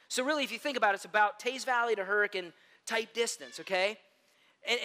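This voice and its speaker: A man with a high, bright and ringing voice preaches a sermon, telling stories with animated, self-deprecating humor. He sounds like a pastor in front of his congregation. His words echo with the long reverb of a big hall.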